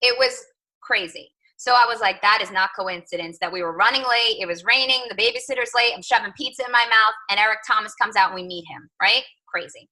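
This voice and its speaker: A woman's voice: mid-range voice, fairly quick, pushed and bright, low-quality recording. A woman in her thirties, a coach telling a personal story on a team call, chatty, with lots of "like" and "right?". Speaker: fitness coach.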